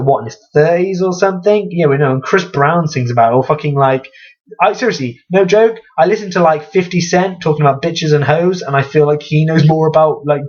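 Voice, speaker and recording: Young man, comedic vlog rant, sarcastic and sweary, somewhat high voice, dull lo-fi sound. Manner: sarcastic, swears freely, animated pitch jumps. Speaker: vlogger.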